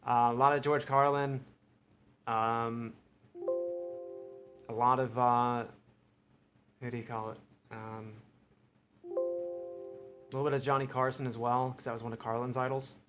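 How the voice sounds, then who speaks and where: Over music, a young Ohio streamer talks at a measured pace with long pauses, his medium-pitched voice level in tone. He rambles casually and profanely, thinking aloud, with an American accent that mixes Midwestern and New York traits.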